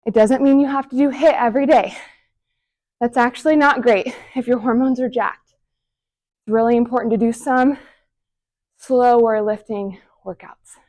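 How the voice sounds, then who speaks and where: A woman's voice: fairly high pitch, steady tone, moderate pace, long pauses, darkish tone. Breathless upbeat woman coaching a workout. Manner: encouraging, counting down reps between short breathy exhales. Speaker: fitness instructor. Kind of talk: follow-along workout instruction.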